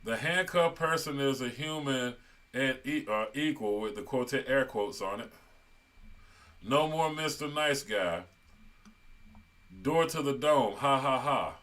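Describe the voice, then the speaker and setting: Male commentary host, mid-pitched, casual, reads comments aloud. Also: slow, long pauses, a bit bright. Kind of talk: online commentary.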